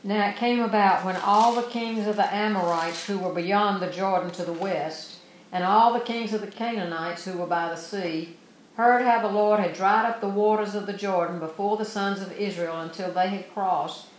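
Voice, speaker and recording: A woman's voice: mid-range voice, moderate pace, reverberant, a little hiss or hum, poor audio. A woman preaching a sermon, reading scripture verses aloud and then explaining them earnestly.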